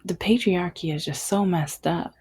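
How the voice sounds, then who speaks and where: A woman's voice: on the low side, normal speed, darkish tone, breathy edge. A young adult woman vlogging, candidly and emphatically telling a personal story. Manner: candid, emphatic, acts out quoted dialogue.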